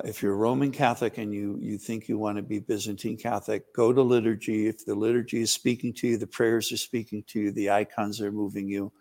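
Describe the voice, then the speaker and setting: A man's voice: fairly low pitch, vocal fry, darkish tone. A man who is a priest, answering interview questions in a rambling, explanatory way with frequent fillers. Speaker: Byzantine Catholic priest.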